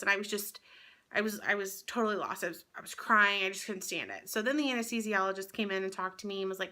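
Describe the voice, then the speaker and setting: A woman's voice: mid-range voice, quick pace, sharp tone. A young woman vlogger telling a personal story in a candid, rambling way, swearing freely. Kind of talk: casual storytelling to camera.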